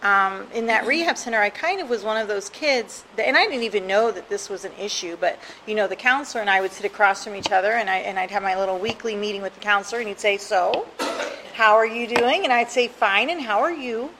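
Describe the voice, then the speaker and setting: A woman's voice: mid-range voice, a little fast, noisy background. Candid woman laughing through her story. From New Jersey. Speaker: guest sharing her recovery story. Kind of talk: personal storytelling.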